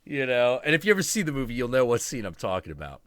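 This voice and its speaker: A man's voice: medium pitch, fast, dry recording. A man hosting a stream, telling a story in casual chat with lots of swearing, laughter and acted-out quotes. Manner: animated, profane, laughing storyteller. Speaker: stream host.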